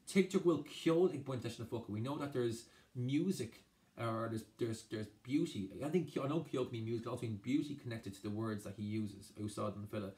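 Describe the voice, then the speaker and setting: A man's voice: medium pitch, brisk, mellow. A man tutoring exam revision, translating each phrase and going over points again and again. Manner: explains by translating each phrase, repeating himself. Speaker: Irish language tutor.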